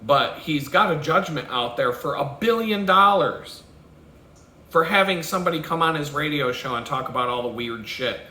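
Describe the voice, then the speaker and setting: Bright-voiced man ranting, echoey room. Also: on the high side, animated, normal speed. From Texas. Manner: profane, conspiratorial, swings into loud shouting and mimicked sounds. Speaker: podcast host. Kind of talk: profane solo rant.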